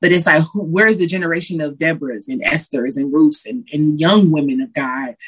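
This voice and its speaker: A woman from Detroit, a Christian hip hop artist, chatting as a guest in an interview, lively and slangy, acting out what her friends say. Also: low-pitched, brisk, husky, poor audio. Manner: animated, slangy, acts out quotes of friends. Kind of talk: casual interview chat.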